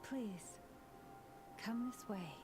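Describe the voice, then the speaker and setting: A woman voicing a calm, earnest community leader who speaks in a measured, gentle way in a video game. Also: fairly high pitch. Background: game music.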